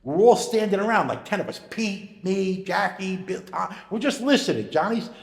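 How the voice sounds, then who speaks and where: A man telling stories in casual chat, animated, acting out the voices of the people in his stories. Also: high voice, normal speed, gravelly. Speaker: storyteller. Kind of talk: casual storytelling. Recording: echoey room with long reverb.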